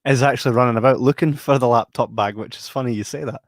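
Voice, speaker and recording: A man's voice: medium pitch, quick pace, no echo, clean studio sound. A man co-hosting a podcast, chatting casually and animatedly about a film, laughing often. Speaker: podcast co-host. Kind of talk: casual interview chat.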